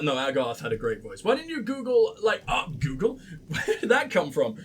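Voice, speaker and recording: High, animated, sarcastic gaming host. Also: male voice, normal speed, slightly rough. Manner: sarcastic, sweary, excitable. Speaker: let's play host. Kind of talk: gameplay commentary.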